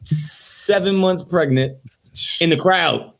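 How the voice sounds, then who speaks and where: A man telling stories in casual chat, animated and laughing as he recounts them. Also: fairly high pitch, slow, gravelly. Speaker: podcast guest. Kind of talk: casual storytelling.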